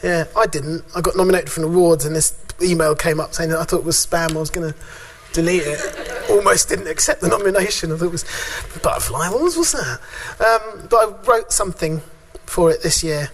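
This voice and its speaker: A man performing a spoken word poem at a conference, reciting in a rhythmic way with long dramatic pauses. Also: a little high, fairly bright tone. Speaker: father speaking at a conference.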